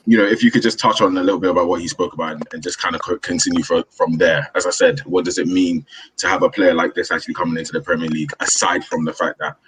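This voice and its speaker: A man's voice: sits low, slight background noise, poor audio. A man hosting a casual football podcast over a remote call, upbeat and rambling, laughing easily. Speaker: podcast host.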